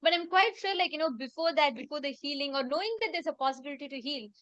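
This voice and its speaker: A woman co-interviewer who asks gentle, searching questions, pausing as she finds her words. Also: sits high, lively intonation, muffled recording.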